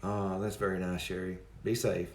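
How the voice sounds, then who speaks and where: A man's voice: low-pitched, little pitch movement, moderate pace, a little mellow. Rambling man in a roomy space. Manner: rambling, addresses chat by name. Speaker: livestream host. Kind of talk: casual chat with viewers.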